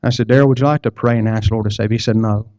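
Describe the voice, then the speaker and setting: A man's voice: on the low side, steady tone, rapid-fire, darkish tone. A man preaching a sermon, telling a personal story in a folksy way and repeating words as he goes. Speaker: pastor. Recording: dull lo-fi sound.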